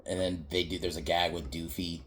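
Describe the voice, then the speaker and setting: A man with a very low voice talks through a film's scenes in a loose, unscripted podcast recap. He wanders, swears casually and keeps breaking into laughter at the jokes he retells. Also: level tone, brisk, a bit bright, slight background noise. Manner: rambling, laughs often, swears freely, many fillers. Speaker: podcast movie reviewer.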